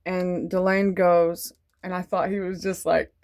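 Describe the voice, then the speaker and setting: A woman's voice: fairly low pitch, flat delivery, a little slow, darkish tone. A woman casually telling a faith testimony in a rambling, digressive way, full of fillers, earnest and devout. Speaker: Christian testimony vlogger.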